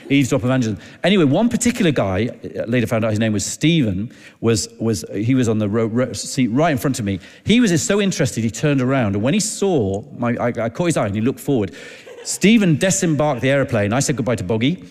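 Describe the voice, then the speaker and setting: A man preaching, telling a personal story in a chatty, halting way and acting out the dialogue. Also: mid-range voice, very animated, a little mellow. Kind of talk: anecdotal sermon storytelling. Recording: long hall reverb.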